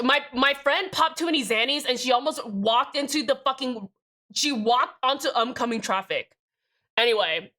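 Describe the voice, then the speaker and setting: A young woman with a bright, ringing voice, pitched a little high, talks to her stream in a loose, rambling way. She swears freely and hops from one thought to the next. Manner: rambling, profane, chatty. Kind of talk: casual live-stream chat.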